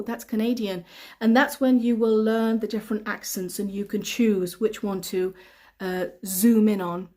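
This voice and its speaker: A woman with a slightly high, darkish voice teaches English on a live stream, voicing learners' comments and answering their questions through patient, heavily repeated explanations.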